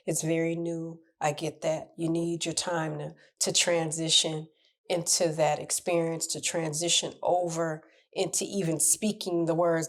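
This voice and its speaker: A middle-aged woman coach giving advice in a casual talk, her voice pitched a little low. She speaks candidly and with animation, often acting out the people she meets. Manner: candid, animated, laughs and acts out quoted people. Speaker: relationship coach.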